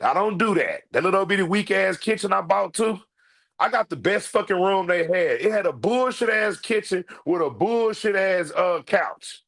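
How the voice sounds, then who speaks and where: Dude ranting a funny story to his viewers, cussing a lot, voice on the higher side and bouncing all over. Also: moderate pace, creaky. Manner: profane, animated, talks to the audience as "y'all". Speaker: online show host. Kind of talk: comedic storytelling monologue to viewers.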